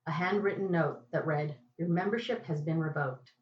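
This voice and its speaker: Low-voiced woman reading a detective story. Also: moderate pace. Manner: dry, wry narration with asides. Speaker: podcast host and reader. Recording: echoey, distant, muffled home recording.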